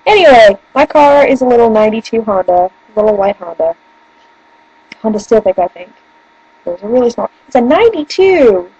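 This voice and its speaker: A woman's voice: a little high, very animated, a little fast, mellow, husky, muffled recording. A young woman with a northern US accent, chatting casually in a rambling, giggly way. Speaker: vlogger. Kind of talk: casual chat. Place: room at home by a bookshelf.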